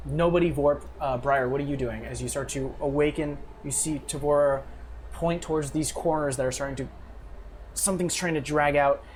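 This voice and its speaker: A man running a tabletop game as game master, describing scenes with frequent fillers and restarts. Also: on the high side. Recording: faint background noise.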